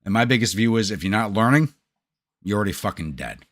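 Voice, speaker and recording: A middle-aged man with a New York accent talks casually to his stream chat. He is blunt and swears freely, with a lively, rising-and-falling delivery and a bright, forceful tone. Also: on the low side, fast. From United States. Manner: blunt, profane, ranting. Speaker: livestream gaming host.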